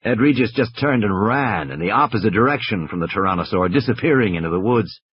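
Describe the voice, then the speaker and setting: A husky-voiced man narrating a story dramatically, his pitch rising and falling freely. The audio is dull and lo-fi, and the pacing swings with the tension. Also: animated, fast, no echo. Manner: dramatic, with tense swings in pace. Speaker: audiobook reader.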